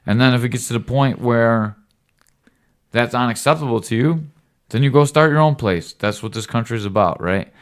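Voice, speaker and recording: A podcast host with a mid-range voice talks at normal speed, giving his son a rambling but earnest fatherly lecture. It's casual talk with occasional cussing, and he keeps checking in with "right?"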